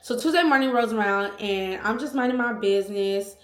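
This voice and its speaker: A young woman vlogger telling a personal story in a casual, slangy, animated way, acting out the quotes. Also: mid-range voice, normal speed, faint music behind. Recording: echoey room.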